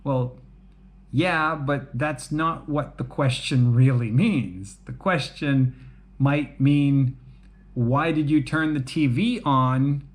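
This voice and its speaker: A man teaching English to learners, explaining slowly and clearly in a relaxed, chatty way, often checking with "right?" and laughing at his own jokes. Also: medium pitch.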